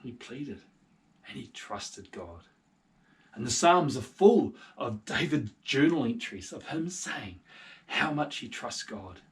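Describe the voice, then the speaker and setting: A man telling a Bible story to children, lively with soft whispered asides. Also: medium pitch, takes it slowly, far from the mic.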